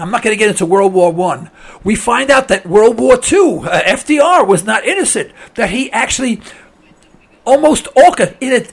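High, gravelly male radio host. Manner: emphatic, addresses listeners as folks. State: voice giving out, clearing throat. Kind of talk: opinionated call-in radio commentary.

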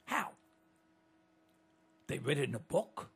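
An older man delivers an indignant, rambling monologue, stumbling and restarting his sentences as he goes. His voice sits high and leaps around a lot. It has a husky, gravelly texture. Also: big pitch swings, moderate pace, fairly bright tone. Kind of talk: monologue to listeners.

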